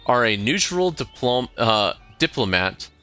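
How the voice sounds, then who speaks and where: A man reading aloud the lines of a pompous male cat general, stiff and halting. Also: mid-range voice, very animated, pushed and bright, faint music behind.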